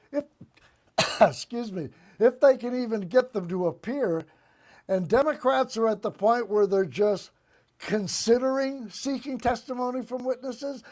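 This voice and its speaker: A high-voiced man hosts a political comedy show, delivering one-liners and sarcastic commentary in a deadpan monologue.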